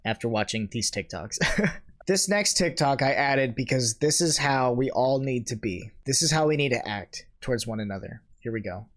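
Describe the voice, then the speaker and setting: A man's voice: mid-range voice, expressive, normal speed. A man hosting a casual reaction video, reacting with dry, sarcastic asides and sometimes trailing off or restarting when unsure.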